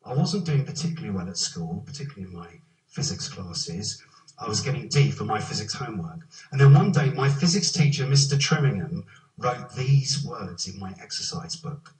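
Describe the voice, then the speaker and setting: A middle-aged man at a lecture podium, his voice carrying through a reverberant hall and picked up from some distance away. He tells his life story with wry, self-mocking humour, at an even middle pitch. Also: normal speed. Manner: self-deprecating anecdotes with gentle humour. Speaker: professor giving a lecture. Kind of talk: formal lecture to an audience. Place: lecture theatre.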